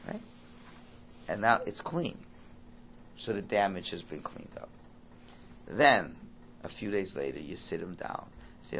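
A man giving an informal Torah talk, animated and acting out parent and child dialogue. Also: deep voice, brisk, vocal fry, slight background noise.

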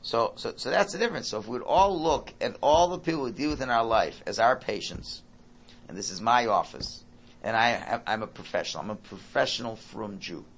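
A man giving an informal Torah talk, animated and acting out parent and child dialogue. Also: medium pitch, brisk, slightly rough.

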